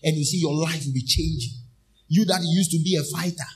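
Man preaching call-and-response. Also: fairly high pitch. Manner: call-and-response, repeating phrases to the congregation; emphatic, drawn-out key phrases. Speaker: minister. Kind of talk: sermon.

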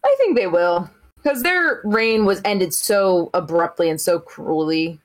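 A woman's voice: on the low side, expressive, a little slow. A woman co-hosting a podcast, chatting casually with wry, sarcastic asides. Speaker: podcast co-host. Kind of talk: casual chat.

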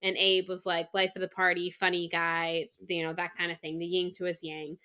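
A woman's voice: on the low side, little pitch movement, moderate pace, sharp tone. A woman co-hosting a casual book podcast, making playful asides and laughing often. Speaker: podcast co-host. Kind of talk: casual book-club chat.

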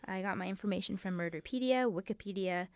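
A woman co-hosting a relaxed chat podcast, animated and giggly. Her voice sits at an ordinary pitch. The recording is dry and close. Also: quick pace, no echo. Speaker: podcast co-host. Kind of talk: casual chat.

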